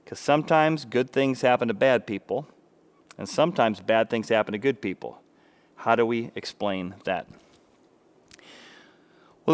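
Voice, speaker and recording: A man preaching a sermon as a pastor. He speaks emphatically, asks his listeners rhetorical questions, and swings between loud bursts and quiet asides. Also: medium pitch.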